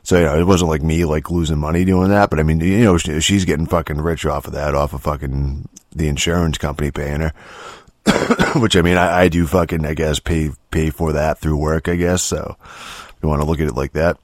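Grumpy, deep-voiced man ranting in his thirties. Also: fairly even intonation, no echo, studio quality. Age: 30s. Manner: grumpy, swearing constantly, halting restarts. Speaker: podcast host. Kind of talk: profane rant monologue.

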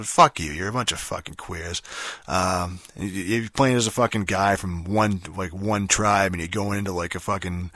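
A man's voice: low-pitched, fairly even intonation, moderate pace, pushed and bright, no echo. A young man hosting a podcast, rambling through a casual game review with constant swearing and lots of fillers. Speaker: podcast host.

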